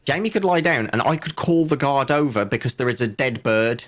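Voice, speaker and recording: A man playing a tabletop game, talking in a hesitant, halting way as he plans his moves. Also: mid-range voice, expressive, a little hiss or hum. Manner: hesitant, halting, with fillers and restarts. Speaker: player. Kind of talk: casual tabletop game play.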